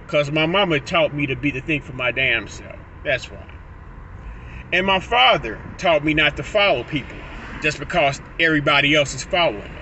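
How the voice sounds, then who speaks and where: A vlogger from Illinois rambles to his phone camera while driving, stuttering into restarts and laughing at his own asides in a casual monologue. His mid-range voice sounds pushed and bright, though the recording is muffled with slight background noise.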